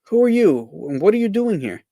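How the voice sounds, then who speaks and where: A man voicing an excitable, high-strung male castaway in a comic strip who shouts in short, jumpy bursts. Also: a little fast, dry recording, studio quality. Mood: excited.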